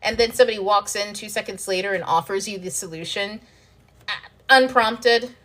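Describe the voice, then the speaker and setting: A woman talking through spiritual self-help ideas in a relaxed, conversational way. She swears freely and slips into quick acted-out exchanges with herself. It sounds like an informal late-night chat with viewers. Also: mid-range voice. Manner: loose and profane, acts out inner dialogue. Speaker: self-help channel host. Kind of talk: casual spiritual coaching talk.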